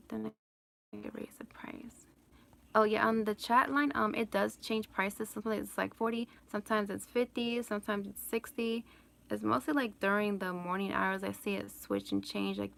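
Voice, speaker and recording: With a creaky, mid-range voice, a woman vlogger answers questions from viewers during a casual live stream. She rambles, laughs a lot, and fills her speech with "like" and "you know".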